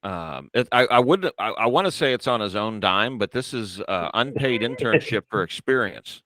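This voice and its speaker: Lively low-voiced male podcast host. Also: moderate pace, dry recording. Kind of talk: casual chat.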